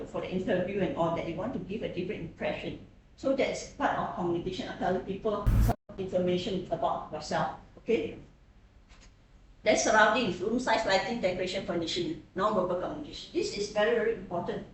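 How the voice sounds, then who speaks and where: Woman lecturer with a mid-range voice, checks in with listeners often; taped from the back of a reverberant classroom. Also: medium pitch. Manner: checks in with frequent tag questions. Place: echoey classroom. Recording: very echoey classroom, distant mic, faint hiss.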